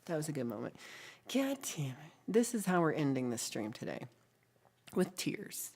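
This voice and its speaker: A woman's voice: sits low, very animated, a little fast, a little mellow, slightly rough. A woman hosting a casual livestream, chatting with viewers and reading their messages aloud, with frequent ums. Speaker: livestream host.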